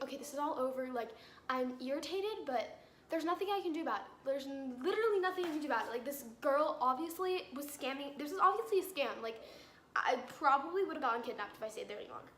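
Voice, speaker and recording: Teen girl vlogger, high bright voice, exasperated storyteller, echoey room. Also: lively intonation, fairly quick, a little hiss or hum. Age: teens. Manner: exasperated, filler-heavy retelling. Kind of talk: storytime vlog. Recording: roomy echo with faint ambience.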